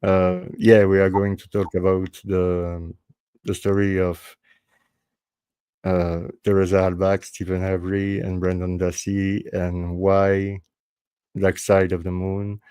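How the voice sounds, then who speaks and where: A man with a French accent, a native French speaker hosting a panel podcast in casual chat, halting and restarting often. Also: low-pitched, completely flat delivery, darkish tone, clean tone, no room sound. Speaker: podcast host.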